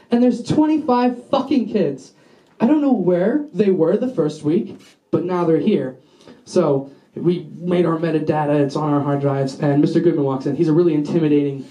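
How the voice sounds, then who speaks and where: High-voiced young man doing stand-up. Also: mellow, reverberant, low-quality recording. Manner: profane, rambling storytelling with crowd asides. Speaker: stand-up comedian. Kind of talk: stand-up set. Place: small basement venue with a live audience.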